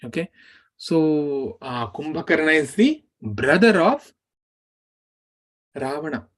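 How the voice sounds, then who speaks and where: Speaking slowly in a voice on the high side, a man teaching a scripture class brings an epic to life, acting out what the characters say.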